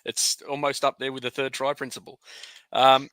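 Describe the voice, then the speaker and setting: A man co-hosting a sports podcast, talking in a relaxed, matey way. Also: medium pitch, moderate pace, dry recording. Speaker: podcast co-host. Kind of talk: casual sports podcast chat.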